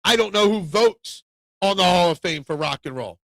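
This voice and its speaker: A man's voice: high-pitched, lively intonation, normal speed, gravelly, no echo. A man hosting a casual sports talk stream, rambling through opinions and answering viewer comments. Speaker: sports talk show host.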